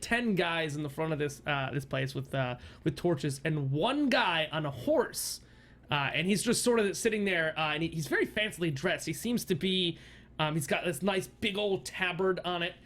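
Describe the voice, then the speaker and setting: A man's voice: high-pitched, moderate pace, fairly bright tone. A man running a tabletop game as game master, narrating in a meandering way with many fillers and restarts.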